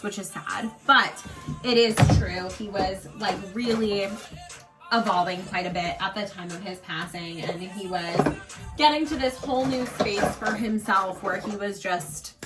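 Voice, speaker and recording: A woman's voice: medium pitch, rough recording. A woman who works as a psychic medium, telling a personal story in a chatty, rambling way, full of fillers and emotional at times. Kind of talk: casual get-ready-with-me storytelling.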